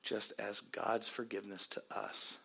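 A pastor delivering an earnest sermon on family and forgiveness, then leading a prayer in softer tones. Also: male voice, fairly low pitch, flat delivery, unhurried, gravelly, breathy edge. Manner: earnest preaching, dropping to soft prayerful tones.

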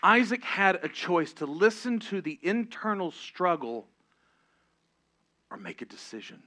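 A middle-aged man preaching with passion, his voice bright and ringing, set a little high for a man. He pushes hard on his calls to action, then drops low and quiet to confess. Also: big pitch swings, measured pace. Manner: impassioned, swings from loud exhortation to hushed confession. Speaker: pastor. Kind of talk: sermon.

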